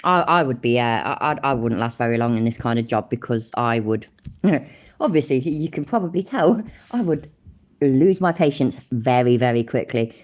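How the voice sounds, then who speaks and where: A woman's voice: rumbling low, animated, moderate pace, darkish tone. A woman hosting a live reaction stream, blunt and sarcastic, swearing constantly as she comments on a video. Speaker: livestream reaction host.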